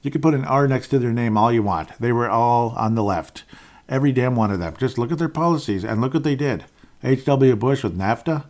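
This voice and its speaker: A man's voice: medium pitch, lively intonation, quick pace, darkish tone. A man in his forties giving a casual, rambling, opinionated political monologue, chuckling often. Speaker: political commentator.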